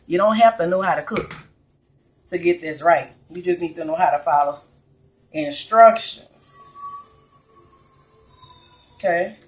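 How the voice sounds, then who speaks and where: A woman's voice: lowish voice, expressive, a little slow, pauses often, soft background music, poor audio. A woman with a New Orleans accent, talking through a recipe in her home kitchen and chatting directly with her viewers. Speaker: cooking vlogger. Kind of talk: casual cooking video.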